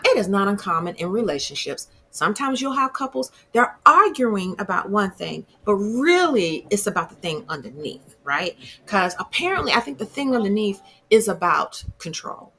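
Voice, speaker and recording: A woman's voice: mid-range voice, big pitch swings, normal speed, bright, forceful tone. A woman hosting her own TV review channel, recapping an episode in a chatty, opinionated way and laughing at the drama. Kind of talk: casual episode recap and commentary.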